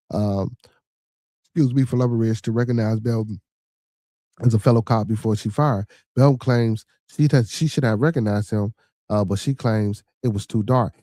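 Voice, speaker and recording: Deep mellow-voiced male podcast host. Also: dry recording, studio quality. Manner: profane, repeats 'you know what I'm saying'; reads viewer comments and news aloud. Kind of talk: casual livestream commentary.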